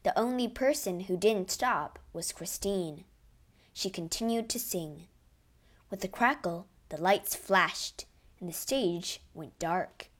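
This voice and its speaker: A woman narrating a children's storybook aloud in an expressive, dramatic way. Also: medium pitch, slow pace.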